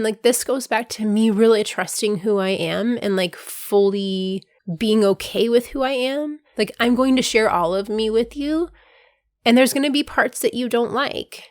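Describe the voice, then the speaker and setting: A woman hosting her own podcast, talking casually in a voice hoarse from being sick, filling her sentences with "like" and breaking into bursts of excitement. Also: fairly high pitch, moderate pace, no echo, studio quality. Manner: chatty, fills with "like", bursts of excitement. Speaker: podcast host. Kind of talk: casual solo podcast monologue.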